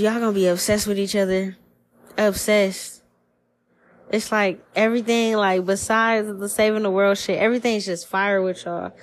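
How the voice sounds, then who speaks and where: A woman talking straight to her listeners in a casual reading, full of slang and swearing. She speaks at a middling pitch and acts out little voices and quotes as she goes. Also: poor audio. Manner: profane, slangy, animated storytelling with put-on quoted voices. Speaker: tarot reader. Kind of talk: casual spiritual reading podcast.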